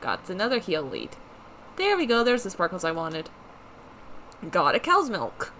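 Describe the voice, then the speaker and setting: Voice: mid-range voice, wildly swooping pitch, normal speed, pushed and bright, a little hiss or hum. A let's play host giving casual, rambling commentary with frequent self-corrections and asides.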